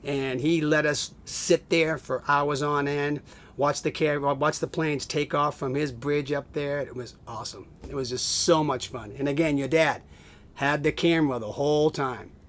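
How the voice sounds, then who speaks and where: Middle-aged man, slightly high voice, casual animated storyteller who voices the people in his tale; home video recording. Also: moderate pace. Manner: animated, acts out quoted voices, laughs often. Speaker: family friend telling stories. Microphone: home video camera.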